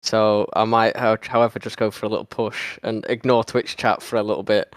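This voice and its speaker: A man answers questions about his racing, easygoing and a bit unsure. His voice is smooth and clean, recorded dry and close. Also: lowish voice, little pitch movement, a little fast, no echo. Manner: easygoing, laughs softly, hesitant. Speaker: driver interviewed on stream. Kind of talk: casual interview.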